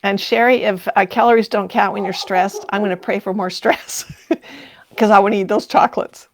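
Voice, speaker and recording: Older woman, livestream host, gravelly touch, chatty and quick to laugh. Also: mid-range voice, fairly even intonation, slight background noise. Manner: chatty, laughs often, reads viewer comments aloud. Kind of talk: casual live-stream chat.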